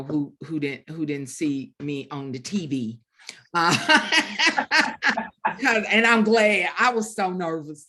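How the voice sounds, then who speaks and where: A middle-aged woman, an author, telling a story in an animated way at a bookstore event, with lots of fillers and restarts. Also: sits low. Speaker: author guest. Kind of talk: storytelling conversation at a book event.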